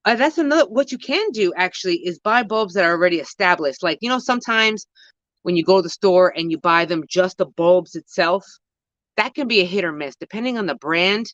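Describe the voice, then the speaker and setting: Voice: mid-range voice, lively intonation, a little fast, a bit bright, dry recording. Slangy new gardener rambling outside on a phone cam, kinda muffled lo-fi sound. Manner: rambling, slangy, self-correcting. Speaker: gardening vlogger answering viewer questions. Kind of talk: casual chat. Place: outdoor home garden. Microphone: handheld phone camera while walking.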